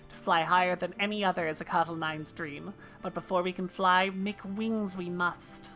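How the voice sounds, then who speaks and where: A woman voicing a gruff male bird-man crafter who speaks in inverted, broken word order, reading game dialogue aloud in character. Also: fairly low pitch, steady tone, moderate pace, bright, forceful tone, soft background music. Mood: earnest.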